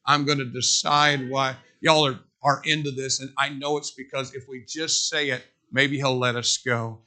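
A middle-aged man preaching a sermon as a pastor in a church, emphatic and repeating phrases with dramatic pauses. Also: medium pitch, flat delivery, sharp tone. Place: church sanctuary.

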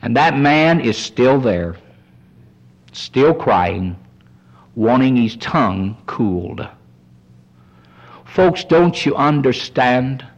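A man preaching a sermon, his pitch rising as he voices the cries of sinners. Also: expressive, extremely slow, long pauses, dull audio.

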